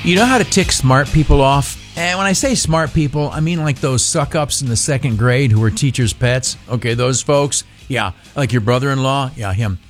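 A man's voice: medium pitch, moderate pace, hardly any pauses, soft background music. A male talk radio host riffing through a loose opinion monologue. He rambles and stumbles over his words, piling on fillers and restarts, with a mocking, sarcastic edge.

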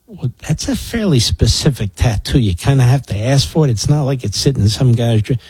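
A man's voice: medium pitch, animated, brisk, few pauses, a little mellow, breathy edge, dry recording, poor audio. A man in his sixties from the Philadelphia area, hosting political talk radio in a sarcastic, mocking, emphatic way. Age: 60s. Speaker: radio talk show host.

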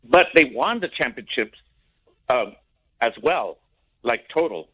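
A man calling in to a radio show, sharing a stat in a rambling, halting way. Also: medium pitch, animated, bright, forceful tone, slightly rough, highs cut off. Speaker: caller. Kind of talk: casual call-in chat.

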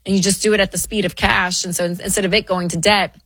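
A woman's voice: medium pitch, steady tone, quick pace, fairly bright tone, husky, dry recording. A woman co-hosting a call-in advice show, talking in a plain, encouraging way. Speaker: radio show co-host.

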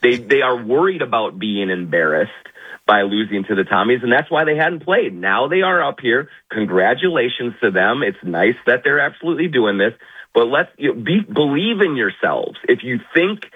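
A man's voice: medium pitch, big pitch swings, moderate pace, breathy edge. Sarcastic man calling in by phone. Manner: mock-humble, sarcastic. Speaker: phone-in guest. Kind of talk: sports radio banter. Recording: phone line.

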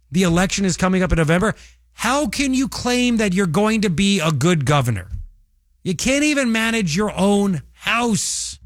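A man's voice: high-pitched, no echo, clean studio sound. A man hosting a political talk radio show, mocking and sarcastic as he comments. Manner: mocking, sarcastic, laughing at his targets.

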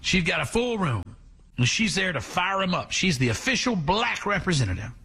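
Sarcastic, animated talk radio host, bright and husky. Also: male voice, high voice, moderate pace. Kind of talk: opinionated talk radio commentary.

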